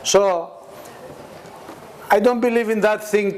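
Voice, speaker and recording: A high-pitched man speaks at normal speed, with a little hiss or hum in the recording. As a guest preacher at a church meeting where the congregation responds, he laughs often through a conversational testimony sermon and acts out the voices of people in his stories.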